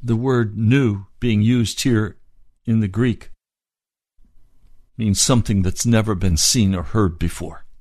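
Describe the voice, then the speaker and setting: A man's voice: lowish voice, takes it slowly, pauses often, a little mellow, no room sound, studio quality. A man preaching a sermon, explaining scripture phrase by phrase. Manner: expository, explaining scripture word by word.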